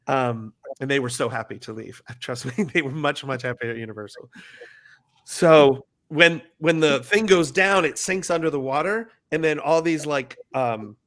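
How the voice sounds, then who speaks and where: A middle-aged man, a former ride skipper, telling stories in a casual interview and acting out riders' squeals in a high voice. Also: moderate pace, fairly bright tone.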